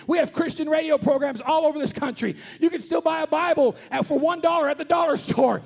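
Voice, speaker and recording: A man preaching a sermon as a traveling preacher at a conference, talking earnestly and repetitively and rising to shouts on key points. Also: very high-pitched. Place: conference hall before an audience.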